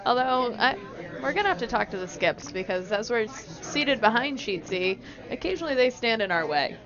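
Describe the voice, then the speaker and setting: A woman's voice: a little high, lively intonation, brisk. A woman giving chatty, playful co-commentary on a club curling match. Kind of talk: casual sports commentary. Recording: dull audio with crowd noise.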